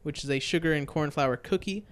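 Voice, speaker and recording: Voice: medium pitch, brisk, clear, resonant tone. A podcast co-host in casual chat, talking in a loose, rambling way, blunt and swearing freely.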